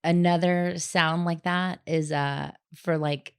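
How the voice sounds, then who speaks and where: Southern gal hosting, lowish voice with fry, laid back. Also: female voice, takes it slowly, dry recording, studio quality. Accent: light Southern US. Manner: relaxed, easygoing, mumbles when tired. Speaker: podcast host. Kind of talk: casual chat.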